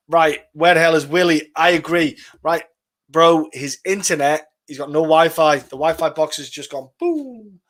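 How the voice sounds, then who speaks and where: A talkative man hosts a live stream of fight predictions, his voice sitting a little high for a man. He chats loosely, calls people "man" and "brother", and swears freely as he reads out viewer comments. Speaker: podcast host.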